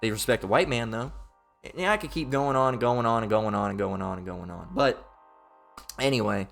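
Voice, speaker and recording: A man's voice: on the low side, brisk, gravelly, a bit bright, soft background music. A man with a Southern US accent preaching an informal Bible teaching sermon. He reads scripture, then breaks into heated, profane, repetitive rants.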